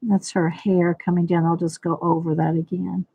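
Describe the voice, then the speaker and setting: A woman's voice: on the low side, level tone, normal speed, vocal fry, slightly rough, no echo, narrow, tinny audio. A woman hosting a casual live coloring tutorial, thinking aloud as she works and greeting viewers by name. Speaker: livestream host demonstrating coloring.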